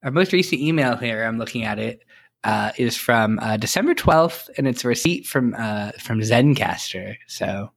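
A man's voice: medium pitch, lively intonation, moderate pace, vocal fry. A young man co-hosting a casual podcast, joking dryly with lots of fillers. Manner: dry, joking delivery with many fillers. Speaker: podcast co-host. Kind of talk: casual chat.

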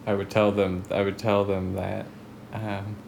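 A man's voice: lowish voice, level tone, a little slow, creaky, darkish tone, slight background noise. A man co-hosting a comedy podcast, rambling and laughing as he trails off mid-thought. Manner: giggly, rambling, often trails off. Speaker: podcast co-host. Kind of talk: casual comedy chat.

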